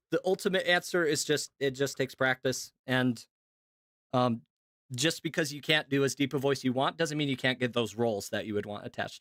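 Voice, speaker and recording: A man's voice: mid-range voice, a bit bright, no room sound, studio quality. A man who works as a voice actor, rambling easygoing to his chat during a live stream.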